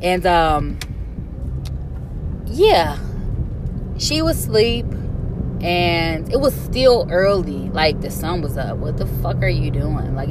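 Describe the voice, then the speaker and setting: A woman's voice: fairly low pitch, noisy background. A young woman telling a candid personal story, blunt and emphatic, often cursing and filling with "like". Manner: blunt, profane and emphatic, with many fillers.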